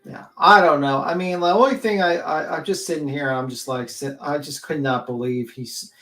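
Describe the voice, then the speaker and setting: A man's voice: a little high, normal speed, a bit bright. A man co-hosting a casual livestream, talking in a blunt, profane, exasperated way. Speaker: co-host.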